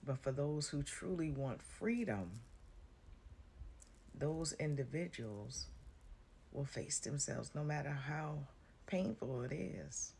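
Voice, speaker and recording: A woman's voice: low voice, animated, slow pace, creaky, pauses often, a little mellow, slight background noise. A woman giving a casual spiritual talk to her viewers, blunt and sassy, swearing freely and calling listeners honey and baby. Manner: drawls terms like honey and baby. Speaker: spiritual content creator.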